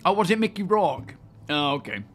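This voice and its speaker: A man's voice: high-pitched, animated, normal speed. A man hosting a live stream, chatting casually and greeting viewers as he rambles.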